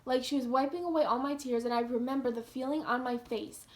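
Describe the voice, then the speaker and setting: A woman's voice: high-pitched, fairly even intonation, fast. A young woman vlogger telling a personal story to her viewers in an earnest, casual way, full of "like" fillers. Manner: earnest, heavy use of "like".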